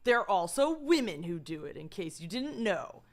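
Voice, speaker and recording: A woman's voice: lowish voice, big pitch swings, moderate pace. A woman streamer chatting casually as she reacts to a video, talking freely and swearing often.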